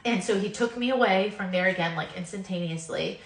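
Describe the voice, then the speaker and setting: A woman's voice: mid-range voice, brisk. A woman in her twenties giving a personal testimony of a near-death experience, earnest and sprinkled with "like". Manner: earnest, uses many fillers like "like". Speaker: guest telling her near-death story. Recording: echoey room.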